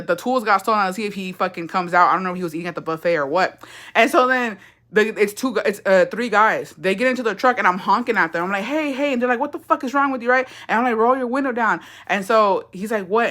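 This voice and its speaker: A woman telling a long, profane story to her viewers in casual storytelling style, talking to them directly. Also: medium pitch. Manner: profane, animated, addresses chat as y'all.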